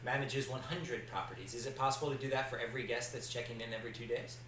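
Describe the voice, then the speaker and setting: A man's voice: mid-range voice, quick pace, a bit bright, slight background noise. Podcast host guy, sounds roomy and a bit far off the mic, curious questions. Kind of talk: interview questions.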